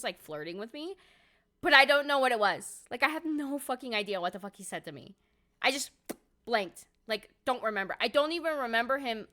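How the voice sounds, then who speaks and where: Young woman, live streamer, casual storytelling, swears a lot, lots of "like", high voice. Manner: excitable, swears a lot, fillers of "like". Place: at home by a window.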